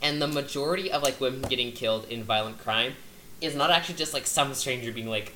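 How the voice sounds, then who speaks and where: A woman's voice: rumbling low, quick pace, pushed and bright, slight background noise. A teenage girl chatting casually as a co-host, rambling and trailing off into fillers. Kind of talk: casual chat.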